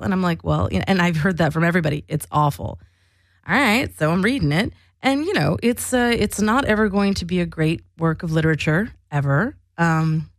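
A woman talks frankly and casually, telling stories with frequent laughs. Her voice is lowish with a gravelly fry. The recording is dry and close. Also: no room sound. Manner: frank, chatty storyteller, laughs often. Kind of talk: casual monologue.

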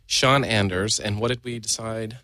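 A man's voice: fairly low pitch, fairly even intonation, moderate pace, pushed and bright, dry recording, studio quality. A man bantering on a comedy podcast, laid-back, with theatrical asides. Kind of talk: casual banter.

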